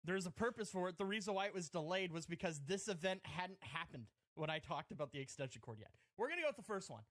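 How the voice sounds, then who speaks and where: High-voiced man telling a rambling story. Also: sing-song, quick pace, fairly bright tone, dry recording. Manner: rambling, self-mocking, frequent laughing asides. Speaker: podcast host telling a story. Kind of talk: casual comedic storytelling.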